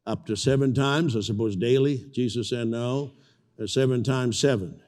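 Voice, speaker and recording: An older man preaching a sermon as pastor, telling stories with animated acted-out voices. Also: medium pitch, moderate pace, long reverb tail. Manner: animated storytelling, acts out voices.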